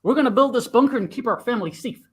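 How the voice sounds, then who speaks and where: A smug, folksy 1960s husband holds forth in a very high, bouncy voice, played by a man in improv. There is a husky edge to his tone. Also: lively intonation, rapid-fire, fairly bright tone, exaggerated voice. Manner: folksy, self-satisfied. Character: proud 1960s Midwestern family man. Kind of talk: improvised comedy.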